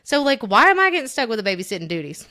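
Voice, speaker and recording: A woman's voice: fairly high pitch, very animated, very fast, pushed and bright. A young adult woman co-hosting a podcast, telling stories in a loose, rambling way full of fillers and quoted voices. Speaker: podcast co-host. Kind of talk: casual chat.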